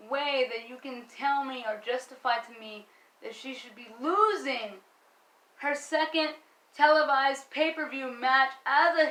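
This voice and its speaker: A young woman with a high voice rants as a fan, exasperated and emphatic, swearing freely. Her voice rings in an echoey room. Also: a bit bright. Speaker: wrestling vlogger. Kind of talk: ranting fan commentary.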